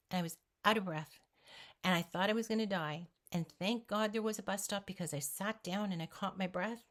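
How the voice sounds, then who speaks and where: A woman's voice: medium pitch, fairly bright tone. Earnest woman giving motivational encouragement. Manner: speaks directly to the viewer. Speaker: weight-loss vlogger. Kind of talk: motivational talk to camera.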